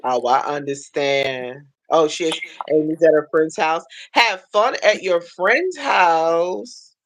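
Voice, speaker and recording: A woman hosting a casual livestream chat, telling animated stories and acting out the people she quotes. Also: takes it slowly, low-quality recording. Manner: animated storyteller, acts out quoted voices with high pitch. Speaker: livestream host. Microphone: phone livestream.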